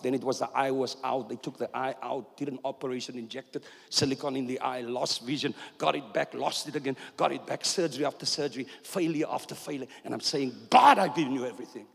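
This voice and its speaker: A man's voice: medium pitch, flat delivery, a little fast, creaky, hardly any pauses, slightly rough. A man in his fifties preaching a sermon in a church with impassioned delivery, voicing God's words in quotes. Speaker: pastor. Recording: long reverb of a church hall.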